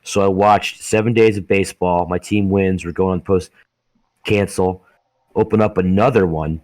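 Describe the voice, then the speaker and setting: A man's voice: deep voice, fairly even intonation, normal speed, darkish tone. A young man co-hosting a podcast, telling a long story in a casual, rambling way, swearing and restarting often. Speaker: podcast co-host. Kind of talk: casual chat.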